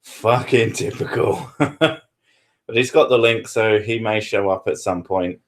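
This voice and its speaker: A man's voice: on the low side, unhurried. A man, hosting a live stream from his living room with crude, self-mocking banter. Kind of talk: casual live-stream chat.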